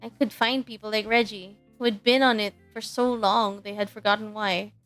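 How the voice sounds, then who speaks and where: A young woman streaming, reading a dating game aloud in a giggly, animated way. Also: mid-range voice, normal speed, soft background music.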